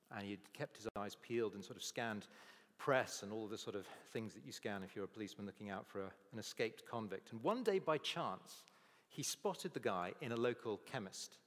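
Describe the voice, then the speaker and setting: A man preaching a sermon, telling stories and acting out the people's voices in quotes. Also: on the low side. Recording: long reverb of a large hall.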